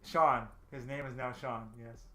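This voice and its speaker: A man's voice: mid-range voice, steady tone, a little slow, pushed and bright. A man hosting a casual livestream, thinking aloud as he storyboards and chatting with his viewers in a self-deprecating way. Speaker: livestream host. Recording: roomy echo. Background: faint game music playing.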